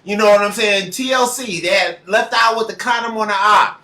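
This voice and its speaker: A man's voice: high-pitched, fairly quick, sharp tone. A man in his forties hosting a comedy show, profane and teasing between acts. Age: 40s. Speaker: host.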